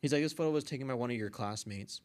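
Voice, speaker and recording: A young man, a podcast guest, casually telling a story with lively quoted voices and frequent swearing. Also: medium pitch, racing. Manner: animated retelling, acts out quoted voices, swears freely. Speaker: podcast guest, artist and photographer.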